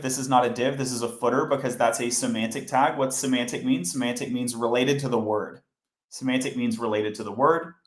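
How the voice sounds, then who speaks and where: A man hosting a live coding stream, explaining each step in a chatty way and talking to his chat. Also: medium pitch. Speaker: coding livestream host. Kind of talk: casual live coding tutorial. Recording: roomy echo.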